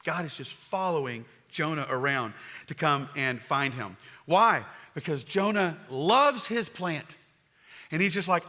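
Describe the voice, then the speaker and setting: Bright high-voiced pastor preaching. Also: male voice, a little slow. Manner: animated storytelling, acts out characters in funny voices. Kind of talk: sermon.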